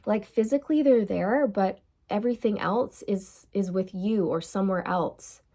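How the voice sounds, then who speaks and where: Giving a chatty tarot reading, a woman speaks in a warm voice of medium pitch at a normal speed. She repeats phrases and laughs at her own mistakes as she goes.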